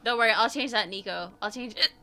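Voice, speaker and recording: A woman's voice: on the high side, fast talker, sharp tone. Tipsy, giggly woman streamer with hiccups. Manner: giggly, swears often. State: tipsy from drinks. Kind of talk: casual gaming stream chat.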